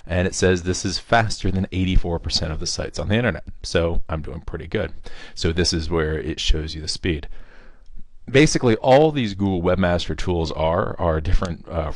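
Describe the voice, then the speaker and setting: A man casually narrates a screen walkthrough for a tech class, halting, with frequent fillers. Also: sits low. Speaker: computer instructor.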